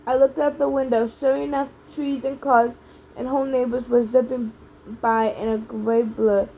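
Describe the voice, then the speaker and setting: A woman doing lively audiobook narration, reading a story aloud. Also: a little high, moderate pace, vocal fry, a little hiss or hum, poor audio. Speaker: audiobook reader.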